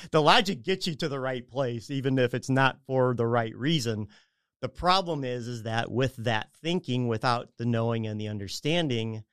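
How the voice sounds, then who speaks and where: A man talks through money and home equity on a radio show. His voice is smooth and clear, recorded dry and close with no room sound. He rambles in a friendly, casual way, often doubling back to rephrase. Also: mid-range voice, a bit bright, no room sound. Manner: rambling, self-correcting, acts out clients' voices. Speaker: mortgage advisor guest. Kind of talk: casual radio talk explaining finances.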